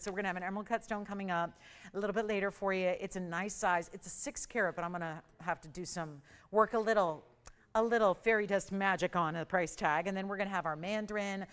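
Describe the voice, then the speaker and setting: A middle-aged woman hosting a live TV jewelry sale, pitching in an upbeat, persuasive and urgent way. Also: fast, smooth. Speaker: shopping channel host. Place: TV studio.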